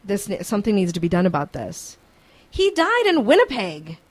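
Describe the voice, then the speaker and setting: A woman hosting a morning radio show, telling a story in an animated, chatty way. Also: mid-range voice, moderate pace. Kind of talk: casual radio chat, storytelling. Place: radio studio.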